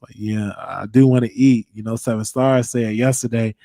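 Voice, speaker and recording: A man's voice: medium pitch, fairly even intonation, moderate pace, warm tone, no room sound, clean studio sound. A man hosting his own show, chatting casually and rambling bluntly between topics, cussing freely. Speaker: show host. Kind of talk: casual livestream chat.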